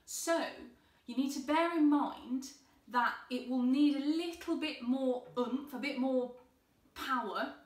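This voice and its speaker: A woman's voice: sits high, slow, few pauses. A woman teaching beginners cello in an online tutorial, giving patient, encouraging step-by-step instructions. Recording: roomy sound from a distant mic with cello.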